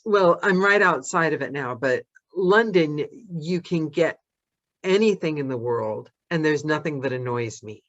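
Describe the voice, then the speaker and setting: A woman's voice: low voice, animated, unhurried, no room sound, muffled recording. A woman from Los Angeles hosting a casual chat, bubbly and flirtatious, laughing often. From Los Angeles, United States. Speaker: podcast host.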